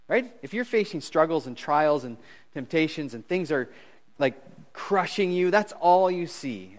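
A middle-aged man preaching a conversational sermon as pastor, animated and swinging between loud and hushed, chuckling at his own jokes. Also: on the high side.

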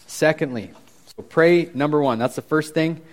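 A young man giving a casual, animated youth sermon, talking conversationally with frequent restarts. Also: a little high, moderate pace. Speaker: youth pastor.

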